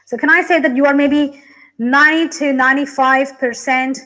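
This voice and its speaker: A woman's voice: sits high, fairly even intonation, normal speed, sharp tone, poor audio. A young woman teacher explaining English grammar in a classroom lesson, with frequent "okay" and "you know" fillers.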